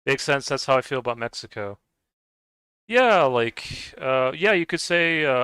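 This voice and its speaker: Chatty young man with a bright, crisp voice. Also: mid-range voice, measured pace, long pauses, no echo. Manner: rambling, chatty, frequent fillers and restarts, laughs often. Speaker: gaming livestream host. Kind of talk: casual chat with live viewers.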